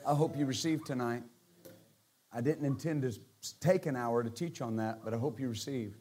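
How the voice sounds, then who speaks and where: A man preaching a sermon as pastor, animated and joking, swinging from quiet asides to shouts. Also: medium pitch, normal speed.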